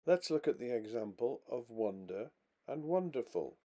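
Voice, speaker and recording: A man narrating a scripted English pronunciation lesson, reading out example words slowly and with clear stress. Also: mid-range voice, very animated, warm tone.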